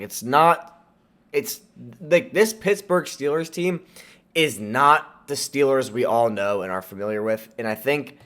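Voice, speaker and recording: A young sports podcast host gives casual, opinionated commentary, rambling with fillers and restarts. A sore throat leaves his medium-pitched, fairly bright voice nasal with a slight lisp.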